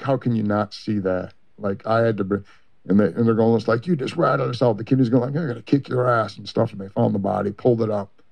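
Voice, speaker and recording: A man giving a long, rambling personal account in an interview, halting with many fillers and restarts. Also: on the low side, gravelly, warm tone. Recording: muffled lo-fi recording.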